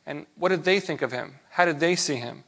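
A man preaching a sermon in a relaxed, conversational way, with rhetorical questions and frequent restarts. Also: a little high, a little fast, creaky. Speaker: pastor.

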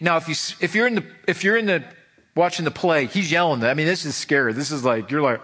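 A man preaching a sermon to his church, animated and emphatic, firing off rhetorical questions. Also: fairly high pitch, fast talker, husky. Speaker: pastor.

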